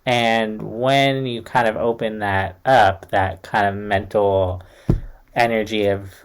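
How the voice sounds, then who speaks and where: A man's voice: fairly low pitch, fairly even intonation, takes it slowly, smooth. A young man giving a casual, reassuring tarot reading to camera, talking in a loose, chatty way full of fillers. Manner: chatty, reassuring, uses many fillers like "like" and "kind of". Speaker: tarot reader.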